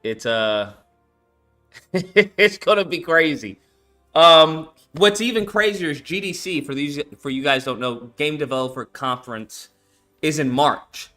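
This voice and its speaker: A young man chatting casually on a stream about his game project, slangy and animated, with lots of swearing and fillers. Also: a little high, moderate pace, soft background music. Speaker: game developer and channel host. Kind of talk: casual livestream chat.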